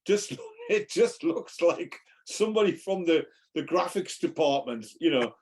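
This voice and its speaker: A man co-hosting a casual podcast, with a voice pitched a little high. He gives his opinions slowly, with frequent ums and restarts as he thinks aloud. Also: expressive. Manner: hesitant, many ums and restarts, thoughtful. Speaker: podcast co-host. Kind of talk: casual chat.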